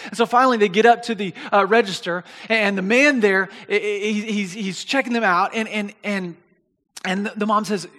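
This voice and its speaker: Animated, high-voiced male preacher in a reverberant hall. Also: moderate pace. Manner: animated, rises to near shouting at climaxes; restarts and repeats words often. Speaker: pastor. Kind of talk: sermon with storytelling.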